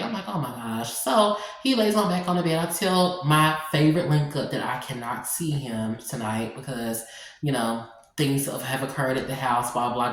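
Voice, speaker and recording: A woman telling a personal story in a casual vlog, animated and sassy, talking straight to her viewers. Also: extremely low pitch. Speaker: storytime vlogger. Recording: very echoey room.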